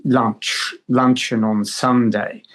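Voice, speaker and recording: A woman's voice: very deep voice, flat delivery, slow pace, full character voice. A man voicing an elderly woman who teaches drama, grand and theatrical, calling everyone darling. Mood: gushing.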